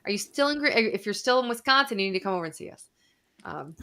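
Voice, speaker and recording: A woman's voice: medium pitch, animated, fast talker, pushed and bright. A woman doctor hosting a casual live Q&A. She chats freely, reads viewer comments aloud and swears a little. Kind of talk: casual livestream chat. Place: Arizona.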